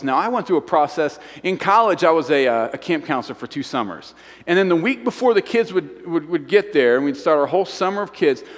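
A man preaching a sermon, telling stories in an animated, self-mocking way. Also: fairly high pitch. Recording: long hall reverb.

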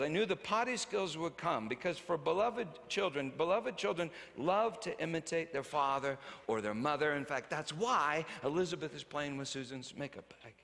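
Man preaching, lively pitch, slightly high voice, long reverb of a big hall. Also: creaky. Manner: animated storytelling, swinging from loud to hushed. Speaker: preacher and father. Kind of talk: sermon with acted anecdotes.

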